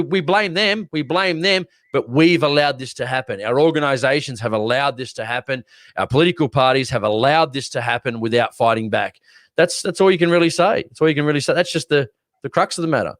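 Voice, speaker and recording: A man's voice: medium pitch, a bit bright, dry recording. Australian male co-host, blunt ranter, stutters on repeats, dry sound. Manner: blunt, ranting, repeats words when worked up. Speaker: podcast co-host. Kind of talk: casual livestream chat.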